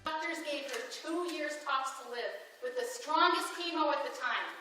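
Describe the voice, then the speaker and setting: A woman inspirational speaker telling stories in an animated, emotional keynote speech. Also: high-pitched, normal speed, over music. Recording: echoey hall from far off, faint noise.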